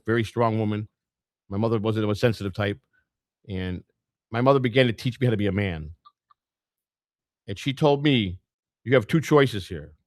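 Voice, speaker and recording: A middle-aged man from Chicago speaks in a somewhat low voice, telling his own story in a casual monologue. He is blunt and plain-spoken and often repeats words as he goes. The sound is dry and close, with no room echo. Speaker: presidential candidate and podcaster.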